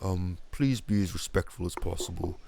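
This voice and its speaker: A stiff, formal minotaur guard who speaks like a large butler, as a man voices him. His voice is very low and gravelly, and his words are measured and polite. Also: dark tone, slight background noise.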